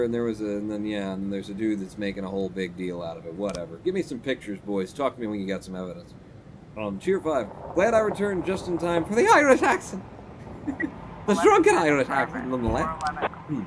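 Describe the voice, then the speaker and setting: A man's voice: medium pitch, brisk, slight background noise. A man streaming a game live, reading its text aloud and making sarcastic asides to his chat. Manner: animated, sarcastic, talks to chat.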